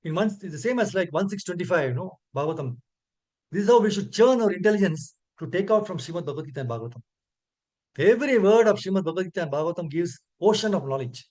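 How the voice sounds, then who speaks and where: A man with an Indian English accent teaches scripture to a gathering, his voice sitting high. He talks earnestly and keeps checking in with his listeners. He slows right down when he recites verses. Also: lively intonation, a little mellow. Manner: slow chanted verse recitation; earnest, asks listeners "correct?". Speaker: preacher. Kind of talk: scripture class.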